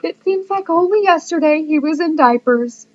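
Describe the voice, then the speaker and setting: A woman voicing an emotional, gushing teacher who is also a mom, sing-song and high-pitched. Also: lively intonation, moderate pace, a bit bright, dull audio, faint music behind. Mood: blubbering.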